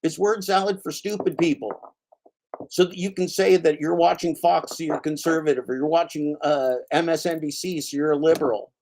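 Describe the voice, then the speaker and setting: Gravelly man ranting with profanity. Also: on the high side, steady tone, fairly quick, hardly any pauses, a little mellow, a little hiss or hum. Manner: heated, profane, addresses a commenter by name. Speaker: channel host. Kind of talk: angry spoken rant.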